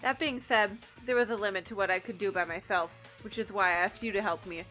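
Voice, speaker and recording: A woman reading the lines of a calm, reserved teenage girl detective, explaining in a cool, measured way. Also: medium pitch, faint music behind, natural voice. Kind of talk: reading game dialogue aloud.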